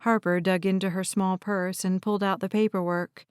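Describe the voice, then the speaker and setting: A woman narrating an audiobook in an even, unhurried reading style. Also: medium pitch, clear, resonant tone, no echo, clean studio sound. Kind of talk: scripted narration.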